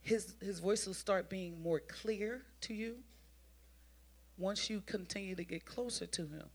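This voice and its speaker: A woman giving an informal sermon, telling a personal testimony in an animated way and talking straight to the congregation, often repeating and restarting her phrases. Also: medium pitch, a little slow. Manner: addresses the congregation directly.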